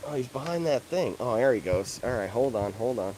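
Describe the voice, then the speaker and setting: A man livestreaming outdoors at an animal park, chatting excitedly and calling out to the animals. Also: mid-range voice, a little fast, a little hiss or hum, low-quality recording. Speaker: livestream vlogger. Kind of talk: casual livestream chat.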